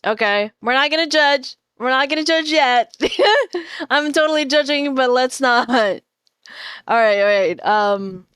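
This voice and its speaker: Brief: woman streamer, teasing and profane, a bit high and smooth, dry close sound. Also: unhurried, fairly bright tone, no room sound. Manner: teasing, swears casually, laughs often. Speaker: livestream host. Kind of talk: casual chat stream.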